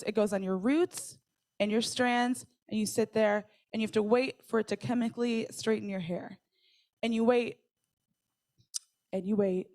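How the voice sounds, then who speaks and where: A woman telling a personal story in a lively, conversational way, often checking in with her listeners and laughing between lines. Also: a little high, gravelly.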